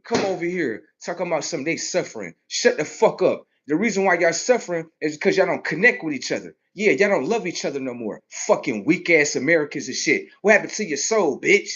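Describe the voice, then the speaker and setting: A man in a profane, aggressive street rant, cursing and mocking, swinging between loud outbursts and low mutters. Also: lively intonation, fast, hardly any pauses, husky, dull audio. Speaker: vlogger.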